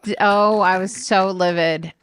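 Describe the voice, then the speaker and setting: A woman co-hosting a podcast, telling stories in an animated, exasperated way, with swearing. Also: medium pitch, a little slow. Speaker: podcast co-host. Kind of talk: casual chat. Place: recording studio.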